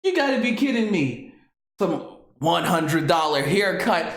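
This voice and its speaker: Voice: medium pitch, very animated, normal speed, roomy sound. A host reading out viewer comments in a casual commentary, who keeps breaking into laughter and sounds tired, the voice worn from laughing.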